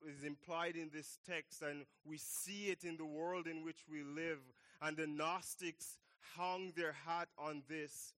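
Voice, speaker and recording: A man delivers a sermon in a slightly raised voice. He speaks slowly and deliberately, stressing and repeating key phrases for emphasis. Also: a little high, bright, forceful tone. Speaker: preacher.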